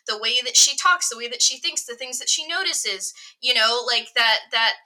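Female guest, high, bright voice; reflective, giggly talker. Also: normal speed. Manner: thoughtful, filler-heavy, giggly. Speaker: podcast guest. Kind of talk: casual book discussion podcast.

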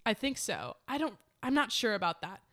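A woman's voice: fairly high pitch, sing-song, normal speed, fairly bright tone. A woman chatting casually and enthusiastically about a film with a friend, laughing often.

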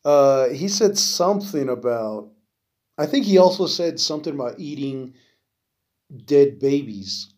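A man's voice: medium pitch, expressive, unhurried, a little mellow. A man hosting a podcast, talking in a loose, rambling way with lots of fillers and casual swearing. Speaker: podcast host. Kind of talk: casual solo podcast monologue.

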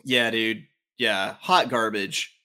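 A man's voice: fairly low pitch, slow pace, clean tone. A man with a Southern accent from Louisiana, hosting a casual sports podcast and ranting with lots of swearing. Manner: profane, animated ranting. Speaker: podcast host.

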